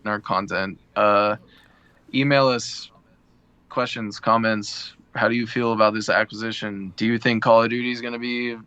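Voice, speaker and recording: A man co-hosting a gaming podcast, chatting in a relaxed way and laughing often. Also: lowish voice, normal speed, clear, resonant tone, no echo, dull audio. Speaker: podcast co-host. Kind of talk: casual chat.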